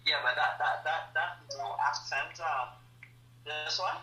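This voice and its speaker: A man with a bright, sharp-edged voice comes through a phone video call as a student. He speaks in brief, quiet questions and remarks about his technique, keeping each turn short. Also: fairly high pitch, a little slow, reverberant, recorded from a distance. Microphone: cellphone on a video call.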